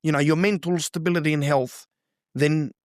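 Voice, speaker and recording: A young man in his twenties speaks with earnest, heartfelt sincerity as an interview guest. His voice sits on the higher side for a man. The recording is dry and close, with no room sound. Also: fairly even intonation, normal speed, darkish tone, no room sound. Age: 20s. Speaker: real estate agent guest. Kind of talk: casual interview chat.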